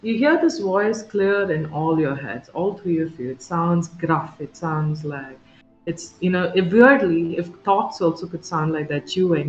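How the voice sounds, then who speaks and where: A game master narrating a tabletop game with vivid, halting description, full of fillers and restarts. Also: medium pitch. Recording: roomy, dull sound, faint music.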